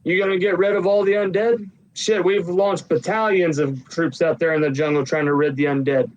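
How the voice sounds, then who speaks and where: A man voicing a loud, blustering, heavyset male official who talks crudely in a tabletop game. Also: on the high side, steady tone, moderate pace, muffled recording, close to an everyday voice. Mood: brash. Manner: gruff, crude, talks loudly.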